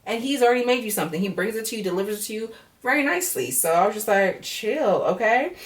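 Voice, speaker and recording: A woman's voice: medium pitch, animated, racing, far from the mic. A woman casually recapping a reality show episode, talking bluntly with lots of swearing and acting out what people said. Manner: blunt, profane, chatty, acts out quotes.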